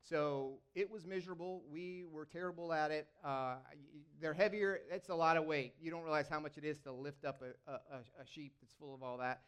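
A man's voice: a little high, steady tone, brisk, few pauses, fairly bright tone, clean tone. A man giving a sermon in a conversational, storytelling way, often restarting his sentences. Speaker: lay preacher.

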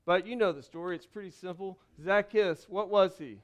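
A young man preaches to his congregation in a lively, conversational way, breaking off for jokes. His voice sits high and sounds smooth and clear. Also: normal speed, highs cut off. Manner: animated preaching with asides and jokes. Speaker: pastor. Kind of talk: sermon.

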